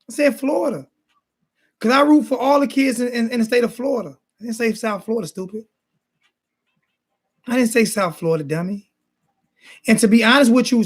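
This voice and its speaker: A man with a high voice rants fired-up about football, repeating himself and calling people names. He speaks in a casual, heated sports-talk style. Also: a little fast, pauses often. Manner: repetitive, insulting, fired-up ranting. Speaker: sports talk show host.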